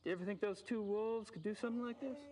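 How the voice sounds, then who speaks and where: A man's voice: high-pitched, fast talker, a little mellow, slight background noise, close to an everyday voice. An actor voicing a curious young man asking probing questions in a video game. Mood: inquisitive.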